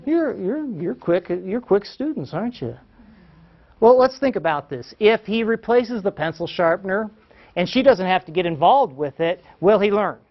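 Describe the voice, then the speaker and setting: A man with a high-pitched, animated voice leads a parenting workshop at a moderate pace, questioning the audience and acting out quotes with chuckles. It's lively, classroom-style teaching, captured with lo-fi sound.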